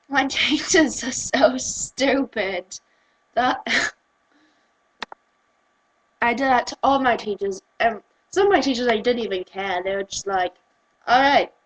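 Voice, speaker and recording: High-voiced giggly English teen girl. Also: unhurried, pauses often, rough recording. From England. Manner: chatty, giggly and off-topic, acting out quotes in lively voices. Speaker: vlogger. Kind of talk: rambling casual vlog rant.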